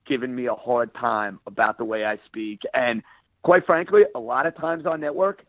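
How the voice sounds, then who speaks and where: A man with a strong New York accent and a rough, everyday voice talks sports radio in an emphatic, plain-spoken way. He comes through a thin, tinny phone line. The sound is close and dry, with no room behind it. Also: medium pitch, moderate pace, dry recording. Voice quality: rough around the edges voice. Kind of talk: interview guest, casual talk.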